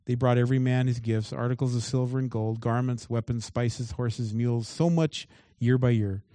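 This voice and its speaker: A man's voice: medium pitch, steady tone, moderate pace, mellow, dry recording. A man preaching a sermon as pastor. He reads scripture aloud and breaks off into emphatic asides.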